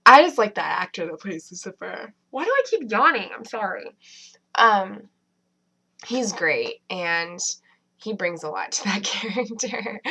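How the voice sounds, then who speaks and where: Chatty woman with a bright, lower voice. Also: low-quality recording. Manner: chatty, many fillers and restarts. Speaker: TV episode reviewer. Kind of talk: casual rambling review.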